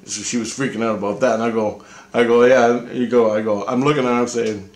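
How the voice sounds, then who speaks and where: A man's voice: fairly low pitch, steady tone, quick pace, reverberant. A man from Canada telling a personal story in a rambling, profane way, often repeating himself. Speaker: vlogger telling experiences. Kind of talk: casual storytelling.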